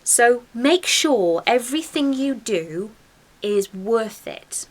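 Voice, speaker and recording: A woman's voice: fairly high pitch, animated, slow. Reflective woman giving advice. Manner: encouraging, reflective, gives advice. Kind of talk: casual chat.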